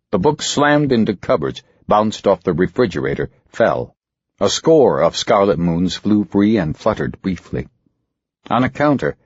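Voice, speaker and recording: A man narrating an audiobook in a dramatic, expressive reading style. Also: low voice, husky, no echo. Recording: muffled lo-fi recording.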